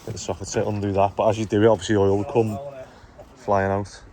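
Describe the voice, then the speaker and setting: A man's voice: lowish voice, completely flat delivery, quick pace, dark tone. A man, a building boss filming a casual vlog, joking with his workers. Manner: jokey, laughs often, banters with workers. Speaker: vlogger and building firm boss. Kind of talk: casual chat on a work site.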